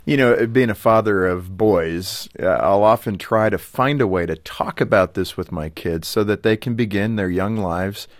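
A man hosting a radio interview, talking in a relaxed, conversational way into a studio microphone. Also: lowish voice, moderate pace, few pauses, no echo. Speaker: radio show host.

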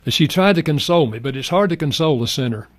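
Un homme âgé, invité d'une émission, raconte avec sincérité et douceur une histoire personnelle. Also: male voice, a little high, expressive, fast, no echo, studio quality. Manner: earnest, soft-spoken, reflective. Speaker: guest. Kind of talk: heartfelt personal storytelling.

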